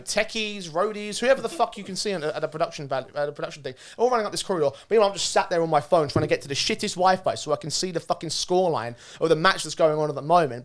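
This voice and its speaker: Sweary man telling stories, high voice. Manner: animated storytelling, swears freely. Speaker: esports commentator, podcast guest. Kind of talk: casual podcast chat.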